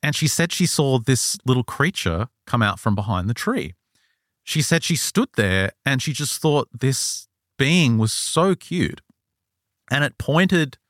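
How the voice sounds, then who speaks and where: A man hosting a podcast, telling an eyewitness story in a casual, animated way and acting out the quoted lines. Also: medium pitch, no room sound, clean studio sound. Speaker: podcast host. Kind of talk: casual chat, retelling an eyewitness account.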